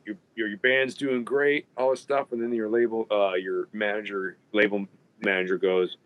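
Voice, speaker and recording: A man's voice: fairly low pitch, normal speed, fairly bright tone, faint music behind, poor audio. A man hosting a podcast in casual chat, telling rambling stories with plenty of swearing. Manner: rambling, profane storytelling. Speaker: podcast host.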